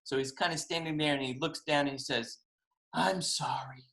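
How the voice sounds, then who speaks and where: A man, a children's author, reading his picture book aloud to first graders over a video call, expressive and asking them questions. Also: fairly high pitch, quick pace. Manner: animated, expressive, asks kids questions. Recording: roomy video call audio.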